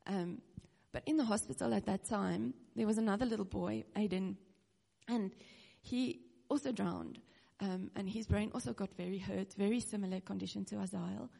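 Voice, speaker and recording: A woman's voice: medium pitch, expressive, normal speed, gravelly, warm tone. A woman in her thirties preaching a personal sermon, earnest and near tears, with nervous little laughs. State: close to tears. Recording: reverberant hall.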